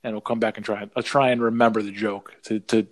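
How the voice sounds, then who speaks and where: A man's voice: on the low side, level tone. Rambling man telling a joke. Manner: rambling, halting with restarts, laughing. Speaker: podcast co-host. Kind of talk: casual chat, telling a joke.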